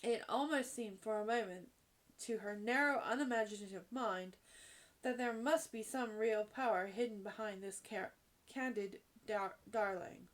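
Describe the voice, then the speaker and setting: A woman's voice: medium pitch, measured pace. Woman reading a storybook aloud. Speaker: audiobook reader.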